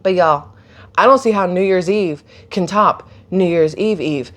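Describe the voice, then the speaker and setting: With a mid-range voice at normal speed, a vlogger casually relates a story to her phone. She acts out the characters energetically, staying animated and talkative while laughing and gasping through it.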